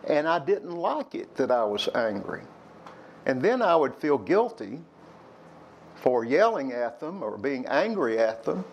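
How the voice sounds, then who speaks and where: A man's voice: mid-range voice, very animated, measured pace, gravelly, muffled recording, slight background noise. An older man telling candid personal stories to young people. He rambles a little and acts out old quarrels by raising his voice. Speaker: speaker addressing young people. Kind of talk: personal storytelling talk.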